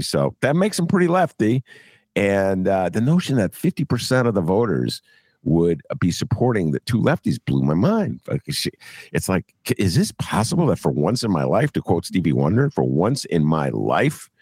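A man, co-hosting a casual political chat podcast, rambling and animated, laughing often and full of fillers. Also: low voice, no room sound, clean studio sound. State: recovering from a cough. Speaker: podcast co-host and columnist.

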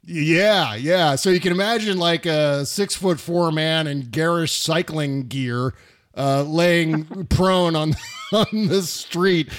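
A man's voice: on the high side, slow pace. A middle-aged man hosting a casual political chat, reflective and laughing often.

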